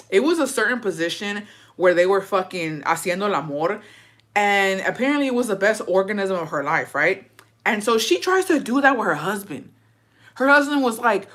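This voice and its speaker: A woman's voice: medium pitch, normal speed. A young woman casually recapping a show, swearing freely and acting out the characters' lines as she tells it. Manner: profane, animated storytelling with put-on quotes. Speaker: vlogger.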